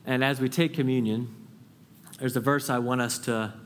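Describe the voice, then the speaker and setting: A man preaching a sermon as a pastor, earnest, climbing high and urgent when he presses a point and dropping to a hush when he voices a prayer. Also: steady tone, moderate pace, a little hiss or hum. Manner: drops to a soft hush when voicing a prayer. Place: church sanctuary. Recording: long hall reverb.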